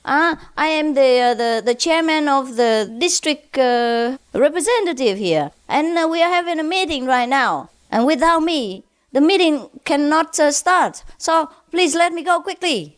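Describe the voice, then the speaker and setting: A woman voicing a male driver who insists he is an important official and begs to be let off quickly. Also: sits high, lively intonation, pitched above the performer's own voice. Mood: insistent.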